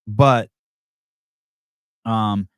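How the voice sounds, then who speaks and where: A man's voice: on the low side, fairly even intonation, drawn-out words, clean tone, no echo, studio quality. A man hosting a podcast in casual talk, reacting to viewer comments in a blunt, profane and rambling way. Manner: rambling, self-interrupting delivery. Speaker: podcast host.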